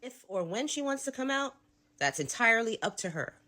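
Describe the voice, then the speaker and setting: A woman's voice: a little high, lively intonation, brisk, bright, forceful tone. A woman creator giving blunt, firm response commentary.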